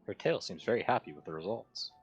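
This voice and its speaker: Laid-back co-player from Canada, fairly low voice, brief replies. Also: male voice, animated, fast, husky, soft background music. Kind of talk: casual gaming stream chat.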